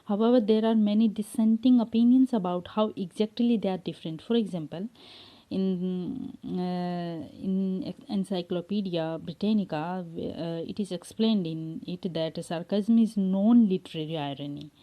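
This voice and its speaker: Indian lady lecturer, really mellow dark voice, lots of uh and um, slow explaining. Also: mid-range voice. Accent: Indian English. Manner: unhurried explaining with frequent fillers. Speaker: English lecturer. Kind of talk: classroom lecture.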